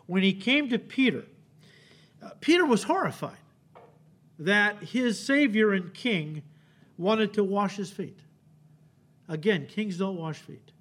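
A male pastor preaching an expository sermon in a church, animated and acting out the quotes he reads, often checking in with "okay?". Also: sits high, slow, pauses often. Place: church sanctuary.

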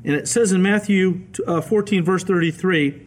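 A male pastor giving a radio Bible teaching sermon, telling the stories in a lively way and acting out the quoted voices. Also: high-pitched, moderate pace. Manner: animated storytelling, acts out quoted voices.

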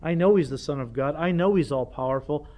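Animated older male pastor preaching. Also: on the high side, fairly quick. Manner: animated, self-deprecating preaching with frequent repetitions. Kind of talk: sermon.

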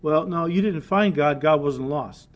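A man preaching a sermon with earnest conviction, dropping to soft, low asides between emphatic points. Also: a little slow. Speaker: pastor.

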